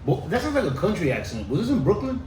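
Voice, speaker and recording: A man co-hosting a podcast who cuts in with jokes and quick apologies during casual banter. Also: high voice, wildly swooping pitch, a little mellow, recorded from a distance. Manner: interjecting, joking, quick to apologize. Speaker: podcast co-host. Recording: echoey room, noisy.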